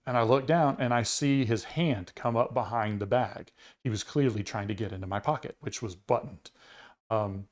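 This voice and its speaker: A man's voice: medium pitch, moderate pace. A man co-hosting a podcast, telling a travel story in casual chat with plenty of fillers and restarts. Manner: rambling storyteller with many fillers. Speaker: podcast co-host.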